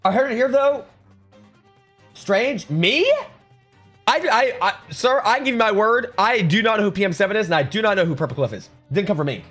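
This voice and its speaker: High, lively, sarcastic young streamer guy. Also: moderate pace. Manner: sarcastic, joking, stammering restarts. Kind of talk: casual live-stream chat reading viewer comments. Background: faint music.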